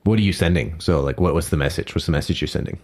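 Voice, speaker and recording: A man's voice: rumbling low, fast, darkish tone. A man narrating as game master of a tabletop game, casual and full of small self-corrections.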